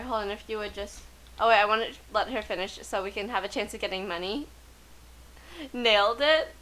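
A woman giving chatty, excitable commentary while playing a life-simulation game. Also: a little high, low-quality recording. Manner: chatty, excitable, gasps and laughs often. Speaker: let's play gamer. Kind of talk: casual gameplay commentary.

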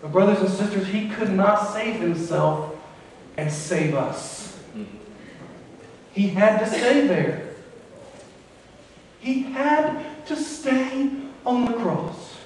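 A man's voice: high-pitched, slow pace, long pauses, slight background noise. A man preaching a sermon as pastor, reading scripture aloud and explaining it to the congregation. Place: church sanctuary. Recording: echoey church hall from far off.

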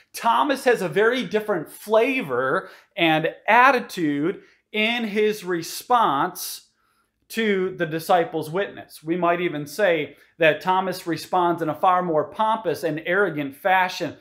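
High-voiced man preaching emphatically. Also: animated, measured pace, fairly bright tone. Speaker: pastor. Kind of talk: sermon.

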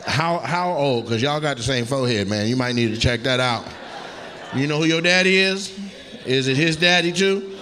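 Here the comedian's voice is mid-range and expressive, moving at normal speed. He works the crowd from a comedy club stage, poking fun at audience members in a brash, profane way. Loud laughter fills the live club recording.

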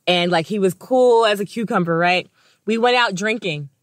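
A woman co-hosting a podcast in casual chat, telling stories and tossing out quick, laughing asides. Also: medium pitch, no room sound, studio quality. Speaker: podcast co-host.

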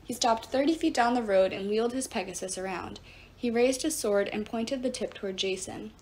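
Woman reading a novel aloud, fairly high voice. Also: a little fast, darkish tone. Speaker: narrator.

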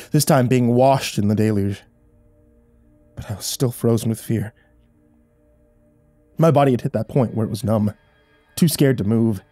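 Dark-voiced man narrating horror. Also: medium pitch, dry recording. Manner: measured, dramatic storytelling. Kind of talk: dramatic first-person horror narration.

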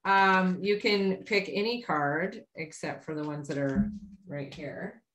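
A woman's voice: on the low side, slow pace, a bit bright. A woman hosting a casual podcast interview, asking teasing, playful questions. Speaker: podcast host. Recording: roomy echo with faint noise.

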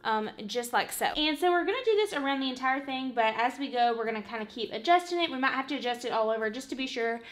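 A woman's voice: sits high, lively intonation, fast, hardly any pauses. A woman giving a casual, rambling craft tutorial at home, saying "y'all" and "literally" a lot. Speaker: craft vlogger. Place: home, working on a wall hanging.

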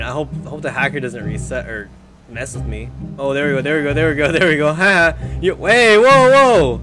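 Excitable young man over loud music. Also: a little high. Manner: excitable, jokey, yelling at other players. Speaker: gaming video creator. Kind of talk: casual gameplay commentary.

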